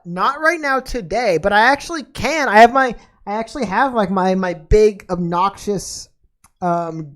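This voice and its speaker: A woman hosting a podcast in casual chat, rambling off on tangents with a slangy, laid-back manner and plenty of fillers and restarts. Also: medium pitch. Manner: laid-back and slangy, calling listeners dude and man. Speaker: podcast host.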